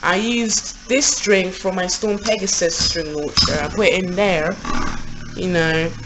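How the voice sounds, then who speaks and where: A young man with a British accent, casually commentating on toy battles in a rambling, excitable way, laughing often, at home. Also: sits high, a little slow, noisy background. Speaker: Beyblade channel host. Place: home room, family upstairs.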